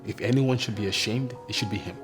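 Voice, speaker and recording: A man playing a blunt, low-voiced Nigerian friend. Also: fast, close to an everyday voice. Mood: reassuring. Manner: calm, firm reassurance. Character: supportive, blunt male friend. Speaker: friend giving advice. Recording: loud music under the dialogue. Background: film score.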